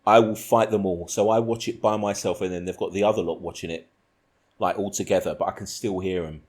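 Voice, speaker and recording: A man's voice: low-pitched, fairly even intonation, fairly quick, darkish tone. A man hosting a casual podcast, telling rambling stories and laughing often. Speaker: podcast host.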